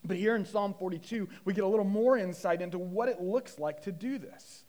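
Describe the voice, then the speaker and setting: A man preaching a sermon with impassioned delivery, swinging from loud emphasis to hushed, low passages and asking the listeners questions. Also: fairly quick. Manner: addresses listeners as guys, asks rhetorical questions. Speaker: pastor.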